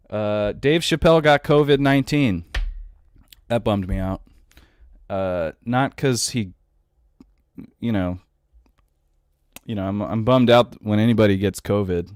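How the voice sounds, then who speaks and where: A man's voice: medium pitch, darkish tone, clear, resonant tone, no room sound, clean studio sound. A man in his thirties hosting a podcast, ranting in a casual, exasperated, profane way. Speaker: podcast host.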